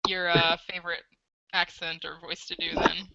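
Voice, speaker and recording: A woman's voice: fairly low pitch, flat delivery, normal speed, creaky, lo-fi sound, a crowd in the background. A woman hosting a casual video hangout, chatty and amused. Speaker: host. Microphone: video call.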